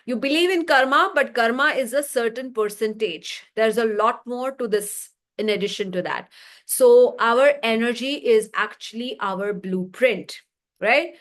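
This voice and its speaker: Animated woman teaching online. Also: a little slow. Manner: animated storytelling, rising pitch for emphasis; explains step by step with rhetorical questions. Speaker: energy healing teacher. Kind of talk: live online lesson, reading chat replies.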